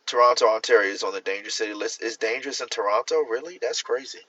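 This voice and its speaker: A man's voice: fairly low pitch, fast talker, pushed and bright, slightly rough, no echo, far from the mic. A man, chatting casually and animatedly on a livestream, laughing and acting out the voices he quotes. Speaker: livestream host. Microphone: phone. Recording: dull lo-fi phone audio.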